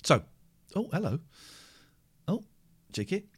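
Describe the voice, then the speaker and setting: A man hosts a casual live stream in the manner of a streamer and radio-style host, rambling playfully and talking to himself as he clicks through tasks. His voice is a little high and husky, slow, with big pitch swings.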